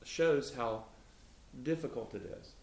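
A man teaching about the Bible in a relaxed way, with his voice leaping up when he acts out quotes. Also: a little slow. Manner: lively, pitch jumps up when voicing Jesus. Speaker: co-host of a Christian talk show. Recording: echoey room.

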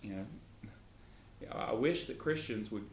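Animated male Bible teacher, echoey room. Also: unhurried, a little hiss or hum. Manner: lively, pitch jumps up when voicing Jesus. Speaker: co-host of a Christian talk show.

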